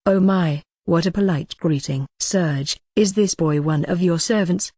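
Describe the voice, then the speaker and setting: A woman's voice: on the low side, a little slow, dark tone, dry recording, studio quality. A woman voicing an old, hunchbacked guildmaster who is stern and shrewd, reading her lines in a plain storybook manner. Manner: stern, scolding.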